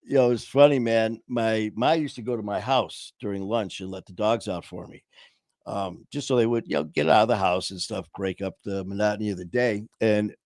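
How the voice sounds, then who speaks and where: A man's voice: lowish voice, moderate pace, a little mellow, no room sound, clean studio sound. A man hosting a casual livestream chat, telling stories in a rambling way with lots of fillers and laughter. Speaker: host.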